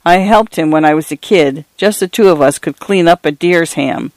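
A man's voice: on the high side, normal speed, dry recording, close to an everyday voice. A man reading the part of a solemn, agreeable middle-aged ranch hand in a storybook. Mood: plain.

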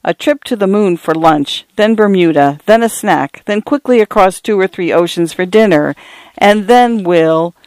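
A man voicing a divorced father who teases his young daughters gently and playfully. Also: high-pitched, lively intonation, moderate pace, dry recording.

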